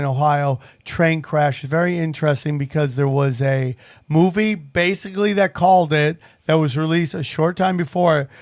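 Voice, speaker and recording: A podcast host with a slightly high male voice, easygoing and agreeable in manner. He is recorded close and dry, with no echo from the room. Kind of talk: casual podcast conversation.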